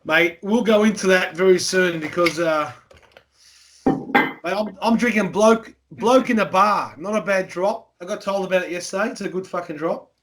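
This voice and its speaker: A matey Australian man hosting a podcast, who jokes around and swears freely. His voice sits clearly high for a man. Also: normal speed, fairly bright tone, slight background noise. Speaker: podcast host. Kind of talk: casual podcast chat.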